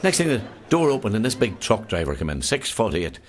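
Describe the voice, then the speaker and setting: A man's voice: lowish voice, very animated, background noise. A man telling jokes as a stand-up comedian, with many "he says" tags. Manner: rapid storyteller, repeats "he says".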